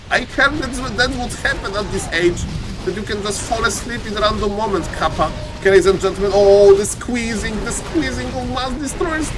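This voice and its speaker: A man casting a live strategy game, excitable and joking, often addressing ladies and gentlemen. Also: sits high, normal speed, over music. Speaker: esports caster.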